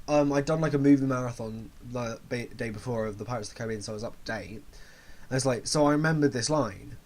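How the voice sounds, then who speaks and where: A man chatting through a casual movie review in a voice of ordinary pitch. He rambles and often stops to correct himself mid-sentence.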